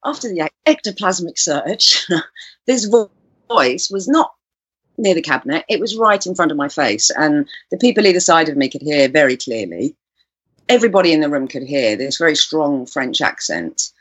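A woman's voice: low-pitched, very animated, normal speed, fairly bright tone, breathy edge, no room sound. A woman guest telling a personal story in an interview, earnest and searching for her words. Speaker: guest, composer and musician.

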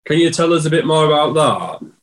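A man's voice: on the high side, expressive, a little fast. Male co-host asking questions. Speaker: podcast co-host. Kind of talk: interview questions.

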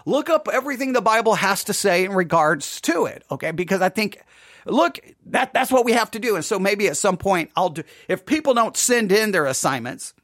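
A woman's voice: mid-range voice, lively intonation, brisk, a bit bright, dry recording, studio quality. Chatty woman teaching a podcast Bible study. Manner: conversational, keeps checking in with "right?". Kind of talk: casual podcast Bible lesson.

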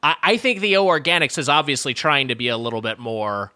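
A man co-hosting a podcast in casual chat, inquisitive and quick to banter. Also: medium pitch, sharp tone, dry recording. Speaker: podcast co-host.

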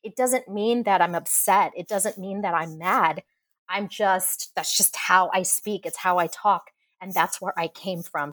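An expressive woman speaking as a podcast guest, telling her stories with passion and frequent laughter. Her voice sits at a middle pitch. She chats casually in a relaxed interview. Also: no echo.

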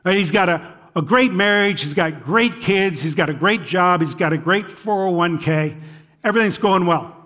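A middle-aged man preaching in a fairly high voice. He keeps it conversational and often checks in with "right?" His tone is easygoing, like he is talking with the congregation. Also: moderate pace, fairly bright tone. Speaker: pastor. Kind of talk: sermon.

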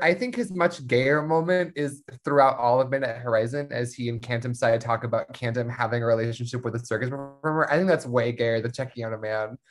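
Very deep-voiced woman, wry and keen, casual podcast co-host. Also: darkish tone. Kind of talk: casual fan discussion.

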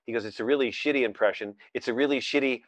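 A man's voice: medium pitch, fast talker, no echo. Rambling, chatty male podcast host. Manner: rambling, self-interrupting storyteller with many fillers. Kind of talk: casual chat. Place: Scotland.

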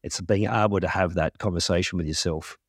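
A man speaking as a podcast guest, his voice very low and steady. He explains his ideas calmly and reflectively at length, in a close, dry recording. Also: brisk, husky, no echo. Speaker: podcast guest, grief coach. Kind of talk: interview explanation.

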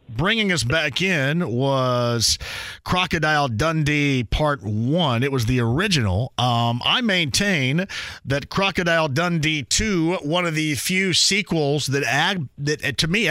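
A man's voice: fairly high pitch, animated, moderate pace, bright, forceful tone, no echo. A man hosting a sports talk radio show, bantering in a brash, opinionated and jokey way.

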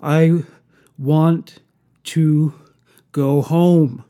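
A man's voice: a little high, steady tone, drawn-out words, dark tone. A man voicing a terrified young woman held captive, panicked and pleading in a horror story.

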